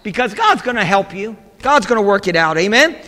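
Male pastor, sermon, very high bright voice, emphatic, church hall reverb. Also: big pitch swings, brisk. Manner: emphatic, repeating "amen" to the congregation.

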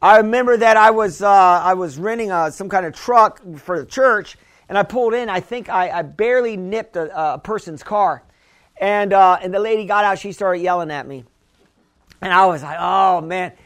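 A pastor preaching a conversational sermon, often restarting phrases and asking the congregation whether they hear him. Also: male voice, high-pitched, moderate pace, a bit bright. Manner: conversational preaching with frequent restarts and call-and-response questions.

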